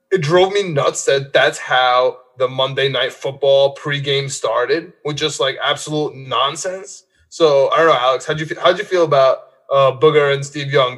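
A man's voice: a little high, fairly bright tone. A man hosting a casual sports podcast. He rants in an exasperated way and fills his talk with "like.". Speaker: podcast host.

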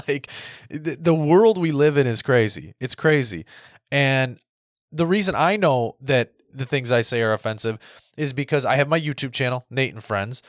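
A man's voice: medium pitch, lively intonation, normal speed, no room sound, clean studio sound. Rambling man in his thirties. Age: 30s. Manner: rambling, repeats himself, frequent restarts. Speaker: podcast host. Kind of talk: casual opinion monologue.

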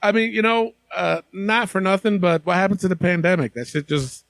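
A man's voice: high-pitched, fairly quick, creaky, a bit bright, no room sound. A man hosting a wrestling podcast in casual, profane banter, laughing often. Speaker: podcast host. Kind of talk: casual chat.

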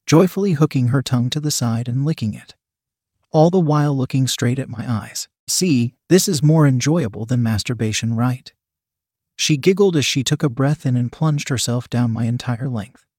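A man narrates a first-person adult story in a steady, plain reading voice at a middle pitch. The recording is dry and close, with no room sound. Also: no echo.

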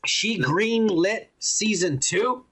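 A man's voice: sits high, expressive, takes it slowly, a bit bright, slight background noise. Rambling, profane man on a podcast. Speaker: podcast co-host. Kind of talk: casual chat.

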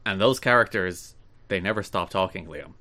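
A man hosting a podcast in casual chat, teasing his co-host with dry, deadpan banter. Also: sits low, moderate pace.

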